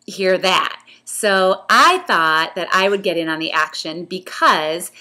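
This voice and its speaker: Casual vlogger, woman, Western New York accent with a Southern touch, bright tone, rambling with lots of ums. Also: on the low side, slow pace. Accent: Western New York with some Southern New Orleans influence. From upstate New York. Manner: chatty, rambling with frequent ums. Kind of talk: casual accent tag video.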